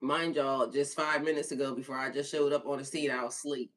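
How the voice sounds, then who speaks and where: A woman spiritual coach on a live stream, chatting casually with viewers and slowly repeating affirmations. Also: very deep voice, level tone.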